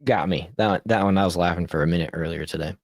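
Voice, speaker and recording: Low-voiced man casually reading posts. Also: fast, no room sound, studio quality. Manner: laughs often, restarts and corrects his reading. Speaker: podcast host. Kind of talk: casual political commentary, reading posts aloud.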